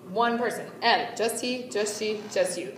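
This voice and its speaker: A woman's voice: mid-range voice, expressive, unhurried, background noise. A woman teaching a Spanish class at a whiteboard in a chatty way, often checking in with her students. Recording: echoey room from far off, faint ambience.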